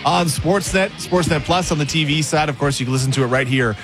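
A male sports radio host speaks into a studio microphone with lively announcer energy. His voice sits a little high. A music bed plays under him. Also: brisk.

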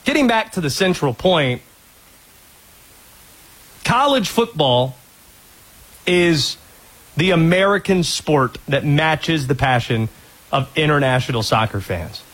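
Animated, husky-voiced male radio host. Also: on the high side, slow pace, pauses often. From North Carolina. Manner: sarcastic, animated storyteller. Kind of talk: sports talk radio.

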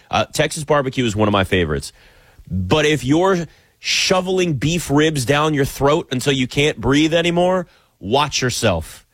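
American guy going off on a sports rant, kinda high voice, sarcastic, dry close mic. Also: dry recording. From United States. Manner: animated, sarcastic, ranting. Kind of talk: opinionated sports commentary monologue.

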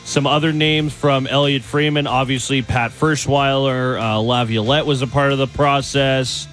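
A man's voice: medium pitch, fairly even intonation, moderate pace, fairly bright tone. A man with a mid-range voice, hosting a casual sports chat in an easygoing way and steering the talk along. Faint music plays in the background. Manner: easygoing, leads the discussion. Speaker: host.

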